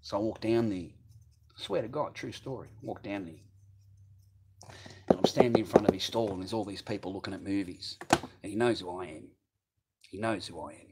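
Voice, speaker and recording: A man's voice: fairly low pitch, a little hiss or hum. A man in his forties chatting casually on a livestream from his garage workshop, telling rambling, profane stories. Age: 40s.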